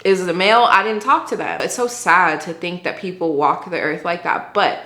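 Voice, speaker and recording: A woman's voice: lowish voice, brisk, sharp tone, echoey room. A woman giving an earnest, conversational faith testimony as an interview guest, often saying "like". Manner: earnest, conversational, heavy use of "like".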